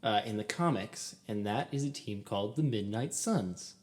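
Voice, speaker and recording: A man's voice: on the low side, expressive, normal speed. A young man co-hosting a casual podcast about a film. He talks eagerly with many "um"s and laughs often. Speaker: podcast co-host.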